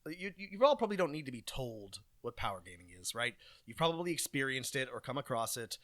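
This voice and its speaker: A man's voice: mid-range voice, very animated, fast, fairly bright tone, no echo, clean studio sound. A man co-hosting a podcast in casual chat, rambling and hesitant with many ums and restarts. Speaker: podcast co-host.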